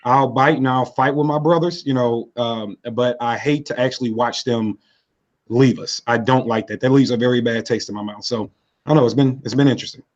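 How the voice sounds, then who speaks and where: A man co-hosting a podcast with a hoarse voice, rambling and hesitant with many fillers. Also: mid-range voice, steady tone, fairly quick, lo-fi sound. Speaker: podcast co-host. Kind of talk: casual podcast chat.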